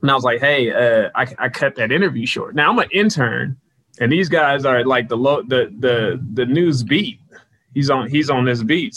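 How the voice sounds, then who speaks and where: A man being interviewed as a guest, telling casual stories and acting out the people he quotes in a higher, louder voice. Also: low-quality recording. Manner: animated storyteller, jumps higher and louder when quoting people. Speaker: guest, sports PR consultant.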